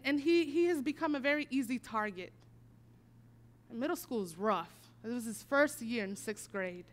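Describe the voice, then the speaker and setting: A woman preaching a sermon, telling a personal story and moving from hushed, quiet passages to emphatic declarations. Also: high-pitched.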